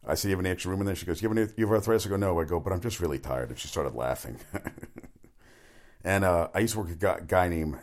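A man's voice: sits low, fast talker. A man hosting a sports talk show, rambling bluntly from one topic to the next with frequent restarts and swearing. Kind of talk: rambling casual monologue.

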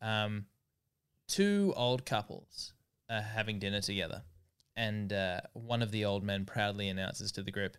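A man's voice: lowish voice, fairly bright tone, clear, resonant tone. A man, hosting a comedy podcast in a teasing, casual way. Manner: teasing, quick reactions. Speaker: podcast host. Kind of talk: casual chat.

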